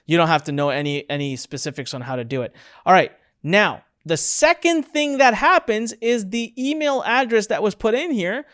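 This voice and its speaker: A middle-aged online course instructor runs a live webinar in a mid-range voice, brimming with excitement and hitting key points hard. He repeats lines for emphasis and drifts into chatty asides and filler words.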